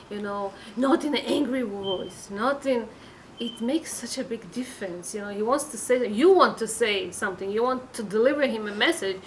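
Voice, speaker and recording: A woman's voice: on the high side, a little hiss or hum, low-quality recording. Earnest woman teaching a weekly class. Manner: halting, with many fillers and restarts; earnest, advising listeners. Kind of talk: informal Torah class.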